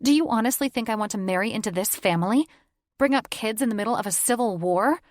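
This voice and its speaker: A woman's voice: a little high, animated, fast, darkish tone, no echo, studio quality, voice pushed up, natural voice. Woman playing a fiery, snapping young heroine. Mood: furious. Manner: angry, snapping, blunt.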